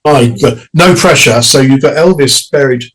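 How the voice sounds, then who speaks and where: A man's voice: medium pitch, fairly bright tone, slightly rough, rough recording. Chatty middle-aged man telling stories. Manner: chatty, laughing, restarts and quick quoted asides. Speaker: guest singer. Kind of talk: casual interview storytelling.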